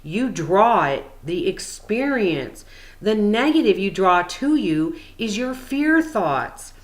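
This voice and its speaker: A woman's voice: mid-range voice, big pitch swings, slow. A woman spiritual coach explaining things in a casual, meandering, chatty way with frequent fillers.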